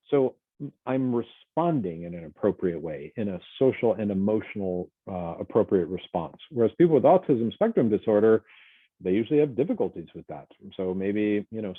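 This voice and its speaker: A man, a college instructor, giving a relaxed, conversational recorded lecture and acting out little example dialogues. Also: fairly low pitch, slightly rough, dry recording. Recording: tinny, phone-like dry recording.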